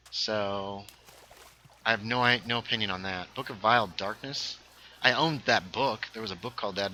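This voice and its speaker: A young man from North Carolina hosts a livestream and chats casually while he plays. His tone is very bright. His stories ramble and keep breaking off and restarting. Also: lowish voice, rough recording. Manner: rambling, self-interrupting storyteller. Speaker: livestream host. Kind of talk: casual chat while gaming.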